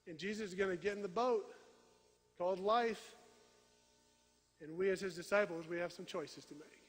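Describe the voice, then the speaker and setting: A middle-aged male pastor preaching a sermon, telling stories with animated swings from loud to hushed. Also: high-pitched, moderate pace. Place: church sanctuary. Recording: reverberant church sanctuary.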